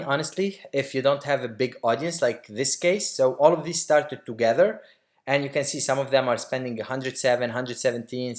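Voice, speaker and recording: A man with a medium-pitched voice teaches online marketing in a casual screen-share tutorial. He explains quickly and loosely, with many fillers and restarts.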